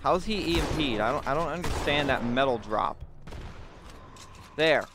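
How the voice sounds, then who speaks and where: A young man commentating on a shooter game, swearing and getting frustrated, yelling at the enemies. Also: on the high side, expressive, normal speed, long pauses, music in the background. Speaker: gaming commentator.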